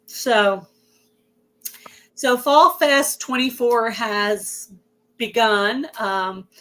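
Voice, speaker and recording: Southern lady hosting a live chat, kinda hoarse, greets everybody by name. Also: fairly high pitch, drawn-out words, pushed and bright. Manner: chatty, greets viewers by name. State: hoarse, losing her voice. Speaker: host of a livestream. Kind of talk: casual livestream chat.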